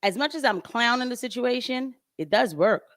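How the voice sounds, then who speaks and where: Animated woman, dry close sound. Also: on the high side, moderate pace, dry recording. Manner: animated, laughs often, slangy. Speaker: podcast host. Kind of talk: casual chat.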